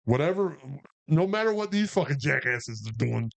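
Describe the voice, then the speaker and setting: This man's voice sits a little high, with vocal fry and a moderate pace. He's an army veteran co-hosting a podcast, animatedly recounting a profane war story and performing the quotes in casual storytelling fashion.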